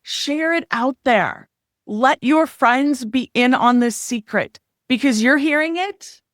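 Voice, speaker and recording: A woman's voice: high voice, slow, a bit bright, dry recording, studio quality. A woman hosting a podcast, talking in an upbeat, affirming way. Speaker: podcast host. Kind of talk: casual podcast interview.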